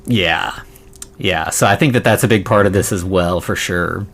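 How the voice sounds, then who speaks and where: A man's voice: sits low, normal speed, a bit bright. An American man co-hosting a casual podcast, talking in a hesitant way and laughing easily. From United States. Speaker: podcast co-host.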